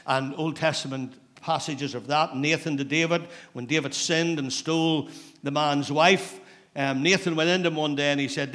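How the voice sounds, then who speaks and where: A man's voice: a little high, fairly even intonation, normal speed, fairly bright tone. A middle-aged man with a Northern Irish accent, a pastor preaching a sermon in a church in a conversational storytelling manner, repeating phrases for emphasis.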